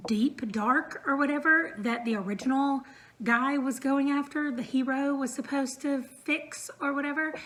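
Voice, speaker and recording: A woman's voice: fairly high pitch, a little hiss or hum, low-quality recording. A woman in her thirties chatting casually at home in a book vlog, rambling with fillers and little laughs. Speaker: book vlogger. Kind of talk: casual reading vlog chat. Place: room at home.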